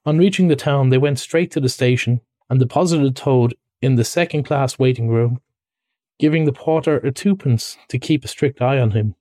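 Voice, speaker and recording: A man's voice: medium pitch, normal speed, dark tone, dry recording. Man reading a storybook, dry and close. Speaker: reader. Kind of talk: audiobook-style storybook narration.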